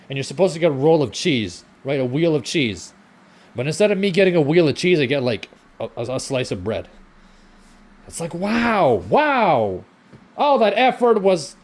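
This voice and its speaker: A young man rants into the camera from his kitchen, sarcastic and fed up, cursing freely. His pitch swings widely between highs and lows as he vents. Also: darkish tone. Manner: frustrated, sarcastic, swearing often. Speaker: vlogger. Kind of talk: ranting vlog while cooking. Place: home kitchen.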